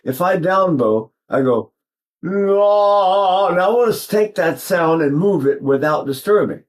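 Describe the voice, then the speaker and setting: A man's voice: on the high side, expressive, normal speed. Older man teaching singing, rambling. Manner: rambling, with sung demonstrations. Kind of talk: vocal technique lesson.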